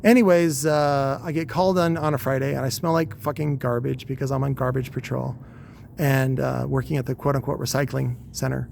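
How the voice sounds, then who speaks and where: A man's voice: medium pitch, steady tone, brisk, creaky, darkish tone, slight background noise. A man in his forties casually telling a long, rambling, profane story with wry humor. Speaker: podcast host.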